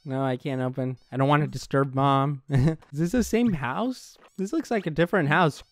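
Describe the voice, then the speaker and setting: A man giving let's play commentary, excitable and thinking aloud as he plays, laughing often. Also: on the high side, moderate pace, dry recording, clean studio sound. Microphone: headset.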